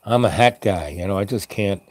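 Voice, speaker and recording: A man in a Santa-style role rambling through a casual story, full of ums and restarts, jumping into squeaky voices for the people he quotes. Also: moderate pace, no room sound. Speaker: vlogger playing a Santa character.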